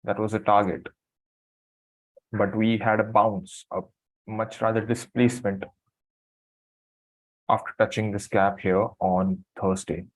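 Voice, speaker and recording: A man who has just woken from a nap, commenting on a live trading stream in a halting, apologetic way as he thinks aloud. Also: fairly low pitch, little pitch movement, no room sound, low-quality recording. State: just woke from a nap, morning voice.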